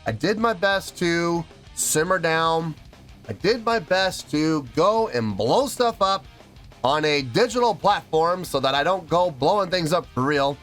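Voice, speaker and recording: Male reaction host, slow and swooping delivery, theatrical outrage, faint music underneath. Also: a little high. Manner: animated mock outrage, drawn-out emphasis. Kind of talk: casual reaction vlog.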